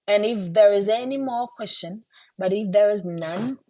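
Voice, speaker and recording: A woman's voice: mid-range voice, moderate pace, mellow. Chatty woman hosting a live stream. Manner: chatty and encouraging, often tags "right?". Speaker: live-stream host and mother. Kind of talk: casual live-stream chat.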